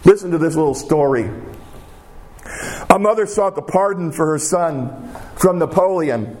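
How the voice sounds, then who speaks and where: A man preaching a sermon who repeats key phrases for emphasis and drops to a quiet hush when he prays. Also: on the high side, animated, measured pace.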